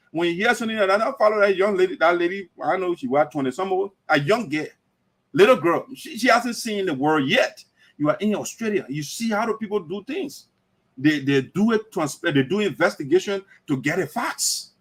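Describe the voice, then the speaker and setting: Male host, slightly high voice, preachy livestream commentary. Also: a bit bright. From Liberia. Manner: emphatic, lecturing, preachy. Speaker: host of an online talk show.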